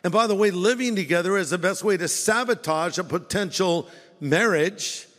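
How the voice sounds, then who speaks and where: A man preaching a sermon as pastor, animated and playfully mocking, acting out the voices he quotes. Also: high-pitched, moderate pace. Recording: long hall reverb.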